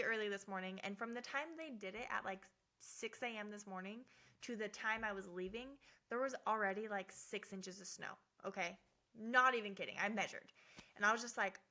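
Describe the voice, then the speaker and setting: A middle-aged woman hosting a casual faith-based talk, chatty and animated, often tagging her lines with "right?". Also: fairly high pitch. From Southern Oregon. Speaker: host of a faith talk show.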